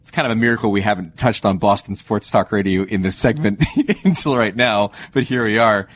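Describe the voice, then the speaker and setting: Low-voiced wry podcast host. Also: male voice. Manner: wry, quick, joking. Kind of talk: casual podcast chat.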